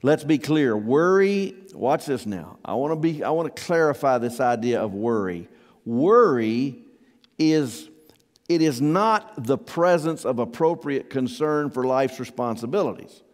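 A man's voice: medium pitch, lively intonation, unhurried, in a large hall. A man preaching a sermon as pastor, conversational and asking his congregation questions. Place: church hall.

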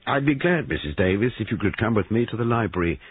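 A persistent, formal police sergeant, as a man reads him in an audiobook, with a low, husky voice that rises and falls with lively emphasis. The sound is dry and thin, like a tinny band-limited recording. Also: fast talker, no echo. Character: brisk police sergeant investigating a murder.

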